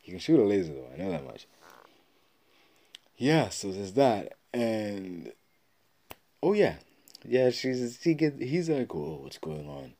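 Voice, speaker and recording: A man hosting a solo podcast, rambling and swearing as he excitedly retells old video game memories. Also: mid-range voice, slow pace, creaky, long pauses. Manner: rambling, profane, excited storytelling. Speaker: podcast host. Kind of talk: casual solo podcast talk.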